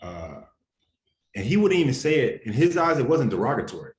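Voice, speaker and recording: A man's voice: medium pitch, very animated, a little fast. A young adult man answering interview questions in an earnest, heated, casual way full of slang. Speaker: interview guest. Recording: roomy echo, faint ambience.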